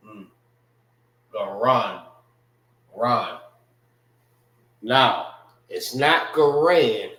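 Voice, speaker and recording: American man, mid-pitched teacher voice, very slow, roomy echo. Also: bright, forceful tone. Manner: slow, repetitive, drills pronunciation with frequent "all right" and "know what I mean". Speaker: Hebrew language teacher. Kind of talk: classroom language lesson.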